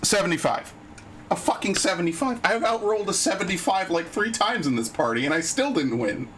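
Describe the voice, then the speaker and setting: A man's voice: sits high, animated, brisk, a bit bright, slight background noise. A man live-streaming a game, talking casually, frustrated and swearing a lot. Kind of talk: casual live-stream chat while gaming.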